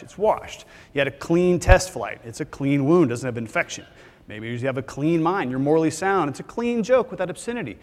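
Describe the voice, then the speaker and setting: A man from Texas, giving a joking, conversational conference lecture as a physician assistant. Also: on the high side. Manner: joking, conversational, lively delivery. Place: large conference hall. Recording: hall reverb.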